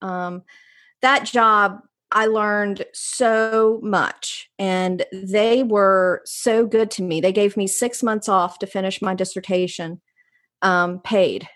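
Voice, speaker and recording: A woman's voice: medium pitch, slow. Southern nc lady, middle aged, chatty, does little voices for people she quotes. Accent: North Carolina Southern US. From North Carolina, USA. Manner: animated, jumps into voices when quoting people. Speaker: guest. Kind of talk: casual storytelling interview.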